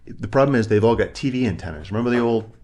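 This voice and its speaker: A man's voice: lowish voice, lively intonation, racing, a little mellow. A middle-aged man, a retired army pilot being interviewed, telling war stories and acting out other people's voices. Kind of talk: animated storytelling in conversation.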